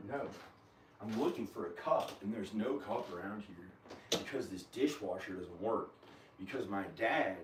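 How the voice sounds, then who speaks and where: A man with a somewhat low voice talks in a rambling, agitated way, stopping often with fillers. He is recorded at home in an echoey kitchen, away from the mic, with faint noise behind him. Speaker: video maker. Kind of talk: rambling monologue. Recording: echoey room, camera far from the mouth.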